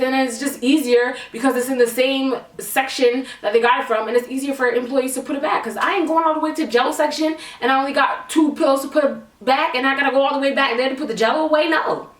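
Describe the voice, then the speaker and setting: A young woman from Canada telling a storytime vlog in an animated, candid and profane way. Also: sits high. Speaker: vlogger. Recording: echoey room, mic at a distance.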